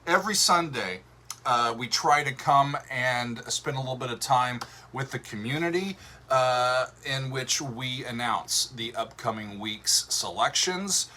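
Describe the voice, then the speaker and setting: A man hosting a livestream, chatting casually with viewers in a relaxed, rambling way with lots of fillers and a drawl. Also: medium pitch, unhurried, slight background noise. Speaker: show host.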